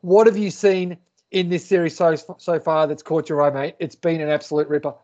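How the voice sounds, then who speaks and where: High-voiced man, excitable sports chat. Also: brisk. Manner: enthusiastic, builds up to a question with dramatic lead-ins. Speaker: podcast co-host. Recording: muffled lo-fi audio.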